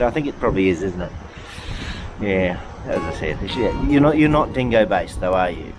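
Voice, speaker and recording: A middle-aged man with an Australian accent and a very low voice chats in a loose, rambling way, often turning to speak fondly to his dog. Music plays clearly behind him throughout. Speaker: farm vlogger. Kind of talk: casual chat to camera.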